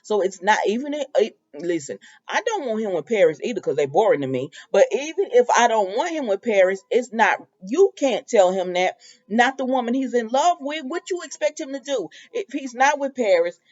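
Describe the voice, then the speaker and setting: A woman's voice: a little high, a little fast. Chatty young woman, dull lo-fi audio. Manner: animated, opinionated, talks straight to viewers. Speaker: soap opera recap host. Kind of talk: casual chatty episode recap. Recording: dull lo-fi home video audio.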